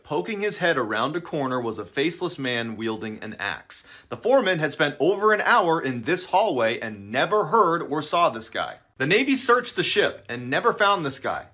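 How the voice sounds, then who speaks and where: A man reads short eerie stories as scripted narration, in a bright voice. His pitch swings widely as he builds suspense and drops low for the reveals. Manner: dramatic, suspenseful storytelling. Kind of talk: scripted creepy-story narration.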